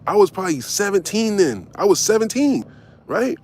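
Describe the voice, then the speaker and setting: A man's voice: sits high, moderate pace, slight background noise. A man in his forties telling a personal story in casual, profane talk, tagging his lines with "right?" and acting out both sides. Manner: animated, swearing, tags lines with "right?".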